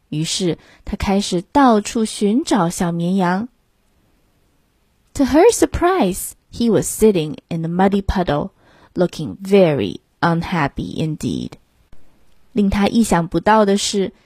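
A woman's voice: mid-range voice, dark tone, no echo, studio quality. A woman reading a children's picture book aloud, alternating between two languages. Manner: slow, clear read-aloud. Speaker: storyteller.

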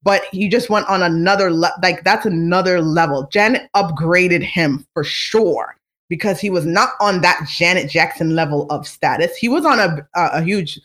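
A podcast host gossiping casually about celebrities, chatty and animated, with lots of fillers and restarts and easy laughter. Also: medium pitch, normal speed.

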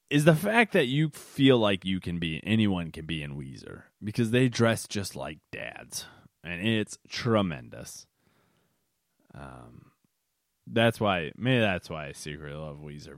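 A man's voice: sits low, fairly bright tone, no echo, studio quality. A young man hosting a podcast, telling a rambling, casual story with fillers and restarts, recorded late at night. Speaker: podcast host. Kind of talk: casual solo podcast monologue.

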